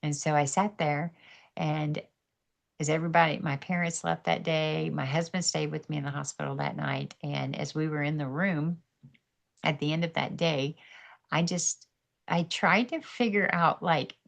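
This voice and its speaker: A middle-aged woman sharing a personal faith testimony on a podcast, earnest and animated, acting out her own inner dialogue. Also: sits low, normal speed, gravelly.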